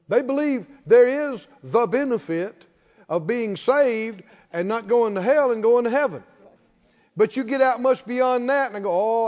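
High-voiced preacher in a reverberant hall. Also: male voice. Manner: call-and-response preaching, rising to emphatic shouts. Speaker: pastor. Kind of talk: sermon. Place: church sanctuary. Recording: reverberant hall, dull lo-fi sound.

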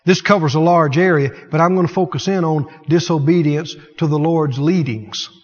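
A man preaching a sermon in an animated way, shouting and laughing as he mimics scenes. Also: a little high, slightly rough. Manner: animated, mocking voices, laughing at the devil. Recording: dull sound with long hall reverb.

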